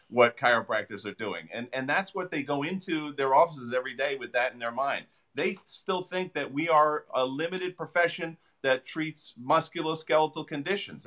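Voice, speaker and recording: A man, a chiropractor guest, answering interview questions with animated storytelling and frequent fillers. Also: medium pitch.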